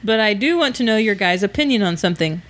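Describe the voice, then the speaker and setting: A woman's voice: mid-range voice, lively intonation, quick pace. A woman from Oklahoma co-hosting a casual podcast, reading listener emails cheerfully and laughing easily. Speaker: podcast co-host.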